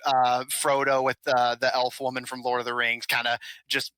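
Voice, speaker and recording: A man's voice: medium pitch, monotone, normal speed, pushed and bright, smooth, dry recording. A man narrating as game master of a tabletop game, loose and casual, full of "uh" and "like" as he describes the action. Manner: loose, filler-heavy narration with frequent "uh" and "like".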